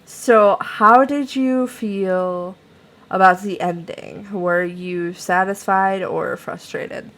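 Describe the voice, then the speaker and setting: A woman's voice: medium pitch, steady tone, slow, fairly bright tone. A young adult woman co-hosting a casual book review chat, rambling with many fillers and restarts.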